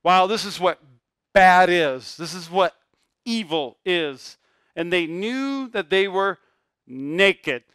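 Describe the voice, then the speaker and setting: Dry-voiced preacher man, high and smooth. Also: animated, slow, no room sound. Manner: emphatic preaching, swinging between loud bursts and near-whispers. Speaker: pastor. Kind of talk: sermon.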